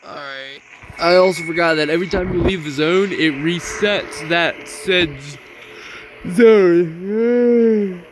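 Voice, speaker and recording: Young man, casual game commentary, rambling, self-mocking, loud background noise. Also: a little high, moderate pace. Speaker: gaming channel host.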